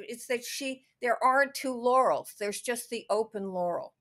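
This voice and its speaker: A woman's voice: a little high, moderate pace, a bit bright. A woman co-hosting a podcast, talking through a classic film in a casual, thinking-aloud way with many restarts. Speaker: podcast co-host.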